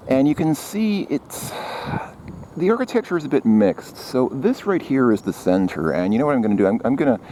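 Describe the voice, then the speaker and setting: Deep-voiced man vlogging on city streets. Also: mellow, slight background noise. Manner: rambling, with many fillers and restarts. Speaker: travel vlogger. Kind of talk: casual walking vlog.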